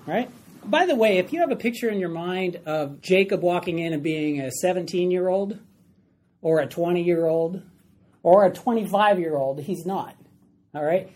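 Woman, Bible study teacher, husky, mellow, asks the class questions, classroom. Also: on the low side. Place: classroom with a board.

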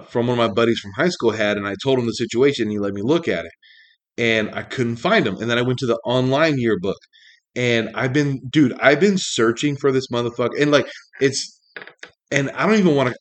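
A man ranting casually in a monologue, exasperated and profane, rambling with many fillers. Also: mid-range voice.

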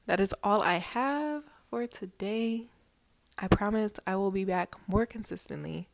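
A woman's voice: mid-range voice, unhurried, gravelly. A young woman vlogger chatting candidly to her followers, rambling, swearing and laughing, emotional and near tears. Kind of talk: casual chat to followers.

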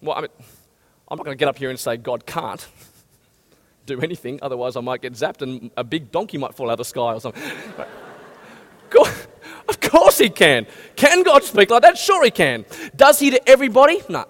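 A male pastor preaching a lively sermon and asking his listeners many questions. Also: on the high side, moderate pace. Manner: animated, asks the audience many questions. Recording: long hall reverb.

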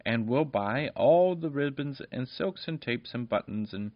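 A man's voice: mid-range voice, lively intonation, measured pace, no echo, voice pushed up, natural voice. A man voicing an eager little fairy princess girl in a firm, earnest storybook reading, on a dull lo-fi recording.

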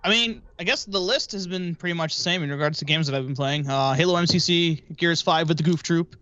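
A man's voice: fairly high pitch, a little fast, sharp tone, dry recording, muffled recording. A man co-hosting a casual podcast, joking along and giggling. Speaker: podcast co-host.

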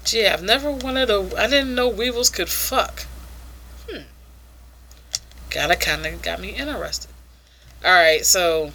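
A woman's voice: medium pitch, lively intonation, measured pace, vocal fry, long pauses, bright, forceful tone, a little hiss or hum. Crude, amused woman reviewing comics. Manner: crude, frank and amused, with frequent laughs.

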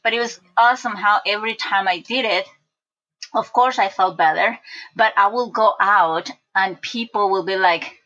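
A woman guest telling personal stories in casual conversation, animated and full of restarts, on a dull lo-fi recording. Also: mid-range voice, moderate pace. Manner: animated storyteller with many restarts and acted-out quotes.

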